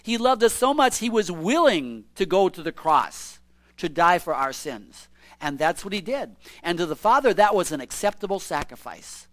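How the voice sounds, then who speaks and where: A man's voice: high voice, very animated, moderate pace, fairly bright tone. A man preaching a sermon, reading scripture aloud and explaining it in a conversational way, with frequent rhetorical questions. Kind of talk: sermon, Bible teaching.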